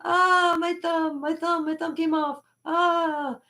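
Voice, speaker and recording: A woman's voice: very high voice, little pitch movement, slow pace, bright, forceful tone, pitched above the performer's own voice, heavily acted. A woman putting on the voice of an old male school janitor who wails that his thumb came off, then coaxes a scared child. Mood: wailing. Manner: wailing, then soothing and repetitive.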